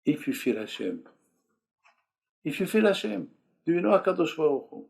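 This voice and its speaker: Husky older rabbi preaching emphatically. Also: male voice, on the high side, big pitch swings, moderate pace, a little mellow. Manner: emphatic, repeats key phrases, sprinkled with Hebrew terms; speaks English as a second language, broken grammar. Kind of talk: sermon.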